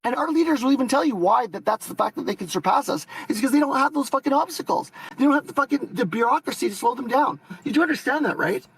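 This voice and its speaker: Fast, husky high-voiced man arguing. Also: animated, a bit bright, dry recording, poor audio. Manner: combative, profane, rambling with restarts. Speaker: debate guest. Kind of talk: heated online debate. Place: Canada.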